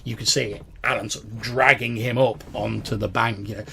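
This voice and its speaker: A man's voice: lowish voice, fairly even intonation, normal speed, gravelly, a crowd in the background. A man narrating as game master of a tabletop game, describing scenes with frequent fillers.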